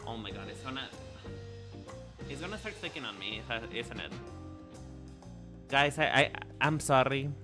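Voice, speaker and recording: While streaming a game, this VTuber talks casually with his viewers, teasing them playfully and frequently restarting or repeating words. He has a mid-range male voice with a fairly bright tone.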